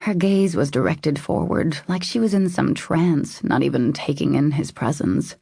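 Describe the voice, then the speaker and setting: A woman narrating a romance audiobook in a steady, measured reading style. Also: deep voice, vocal fry, breathy edge, no room sound, clean studio sound. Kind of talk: scripted narration.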